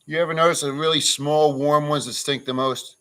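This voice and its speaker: A man's voice: fairly high pitch, steady tone, brisk, pushed and bright. A man chatting casually on a live stream, joking crudely and reading out viewers' names. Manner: crude joking, reads chat names aloud. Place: farm pen with a pig.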